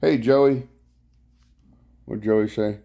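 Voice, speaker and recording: A man's voice: on the low side, fairly even intonation, very slow, creaky, muffled recording. A man hosting a casual live stream from his couch at home, greeting viewers by name and rambling about his rides. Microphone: clip-on mic worn from bike riding.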